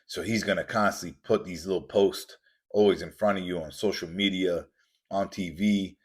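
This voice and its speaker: On his podcast, a man with a low, husky voice preaches an intense motivational message. He leans hard on repetition and acts out the voices in his quotations.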